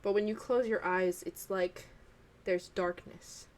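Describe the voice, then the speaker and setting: A woman's voice: lowish voice, fairly even intonation, takes it slowly. A woman narrating a tabletop game as game master in a casual, rambling way full of fillers.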